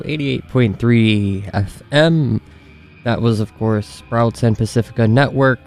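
A man's voice: mid-range voice, darkish tone. A man working as a radio DJ, announcing in a loose, upbeat, casual way and laughing between links. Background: faint music.

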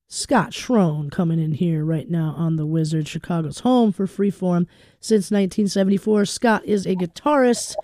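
Radio host, chatty and informal, mellow tone, dry studio sound. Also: female voice, fairly low pitch, no room sound. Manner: warm, chatty, filler-heavy. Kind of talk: community radio tribute show.

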